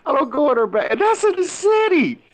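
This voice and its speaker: A co-host chatting casually, telling animated stories with swearing and frequent laughter. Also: high voice, a little fast. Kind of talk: casual chat.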